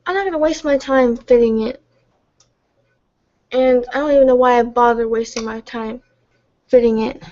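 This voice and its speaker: A tired woman speaking softly and haltingly in a late-night confessional live stream from home, stumbling and restarting as she gets emotional. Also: on the high side, steady tone, dull audio. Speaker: vlogger.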